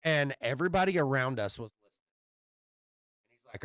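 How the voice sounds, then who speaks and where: A man's voice: mid-range voice, lively intonation, fairly quick, fairly bright tone, no room sound. Rambling man telling stories. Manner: rambling storyteller with loose profanity and stammered restarts. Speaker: podcast host. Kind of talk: casual storytelling chat.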